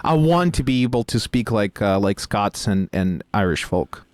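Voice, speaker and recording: A man's voice: lowish voice, expressive, moderate pace, no room sound. A man hosting a live game stream, chatting casually while he plays, with lots of fillers and laughter. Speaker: host and game narrator.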